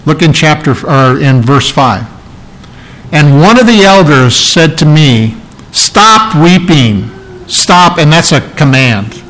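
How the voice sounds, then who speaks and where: Male pastor, sermon delivery, slightly higher pitch, earnest verse-by-verse teaching. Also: lively intonation, a little slow, fairly bright tone, poor audio. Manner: earnest Bible teaching, reading verses aloud and explaining them.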